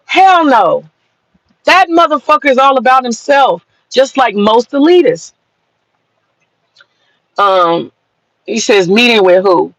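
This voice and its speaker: High-voiced woman ranting on a live stream. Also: animated, slow, pauses often, no echo, rough recording. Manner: mocking, profane, bursts into long laughter. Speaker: livestreamer. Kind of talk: live-stream rant to viewers. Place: parked car in a parking lot.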